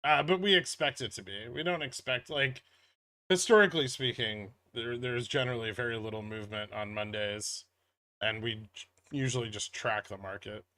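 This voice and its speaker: A man hosting a casual stock-market livestream, reading viewer chat aloud and answering in a relaxed, rambling way. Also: medium pitch, moderate pace, dry recording.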